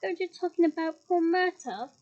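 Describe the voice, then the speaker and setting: A woman's voice: extremely high pitch, moderate pace, darkish tone. A woman with a Scottish accent voicing a mischievous male poltergeist who taunts slyly. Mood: taunting. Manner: sly and taunting. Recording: dull lo-fi recording.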